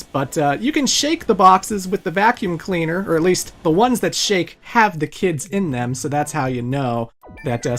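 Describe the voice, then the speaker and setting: A man's voice: high-pitched, a bit bright. A man hosting a let's play, giving jokey, rambling gameplay commentary.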